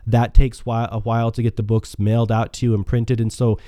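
Scratchy-voiced man, dark and mellow. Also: mid-range voice, little pitch movement, brisk, no room sound, clean studio sound. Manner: earnest, motivational, with restarts. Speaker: podcast host. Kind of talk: solo self-help podcast talk.

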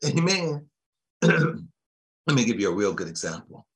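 A man preaching a sermon, chuckling often and dropping amens and soft thanks to Jesus between his points. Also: medium pitch, sing-song, slow.

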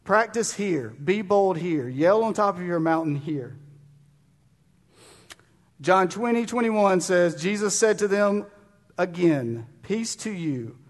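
High-voiced fervent preacher. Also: male voice, lively intonation, takes it slowly. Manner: fervent, urging, with sudden loud bursts and quiet drops. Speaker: pastor. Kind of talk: sermon. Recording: long reverb of a large room.

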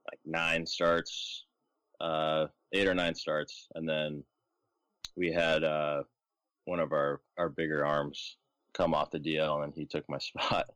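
A young man from California, a guest on a podcast, answering in a relaxed, easygoing way. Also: a bass voice, slow pace, clear, resonant tone, no room sound. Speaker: guest, college pitching coach. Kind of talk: casual interview chat.

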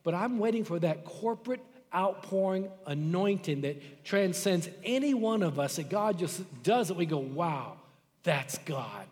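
High-voiced preaching man, hall reverb. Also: animated, normal speed, hardly any pauses, a little mellow. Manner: impassioned preaching with dramatic quoted voices. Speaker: pastor. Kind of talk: sermon. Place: church sanctuary.

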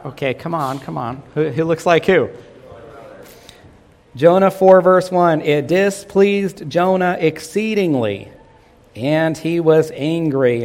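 A man's voice: a little high, darkish tone. A pastor preaching a sermon, asking his congregation questions and coaxing them to answer. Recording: long reverb of a hall.

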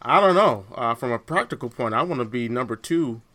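A man co-hosting a podcast in casual chat, animated and laughing often, restarting his sentences as he goes. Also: mid-range voice, fairly quick. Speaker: podcast co-host.

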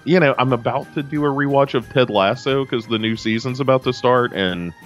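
A man chats casually on a podcast, rambling with plenty of fillers and restarts. His mid-range voice is brisk, and faint music plays behind him.

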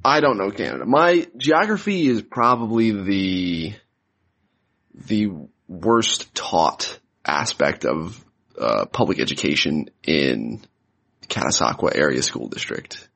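A man's voice: deep voice, animated, slow, creaky, a bit bright. A man talking casually as a podcast guest, loose and hesitant, with many fillers. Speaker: prospect analyst guest.

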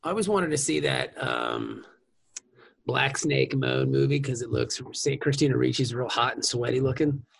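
A man in casual podcast chat, profane and excitable, who laughs often. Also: medium pitch, normal speed, vocal fry, breathy edge.

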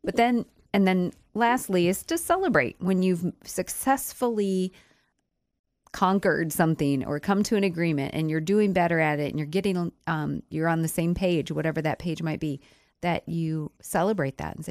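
A woman with a husky, cold-roughened voice co-hosting a Christian marriage radio talk show, explaining points in a calm, conversational way into a studio microphone. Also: on the low side, moderate pace, no echo. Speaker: radio co-host.

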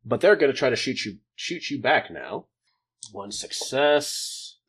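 A man's voice: medium pitch, very animated, brisk, a bit bright, slightly rough. A man running a tabletop role-playing game as game master, joking about how his plans went wrong. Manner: jokey, laughing at his own plans going wrong.

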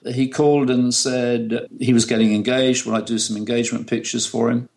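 Gravelly British photographer telling stories. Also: male voice, mid-range voice, level tone, moderate pace, a little mellow. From United Kingdom. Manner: chatty, laughs often while telling stories. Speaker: photographer, interview guest. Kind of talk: relaxed anecdotal storytelling.

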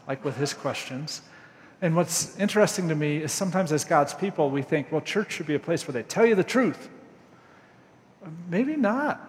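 Conversational pastor, hall reverb. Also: male voice, a little high. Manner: candid, conversational, acts out dialogue with animated shifts. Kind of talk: sermon.

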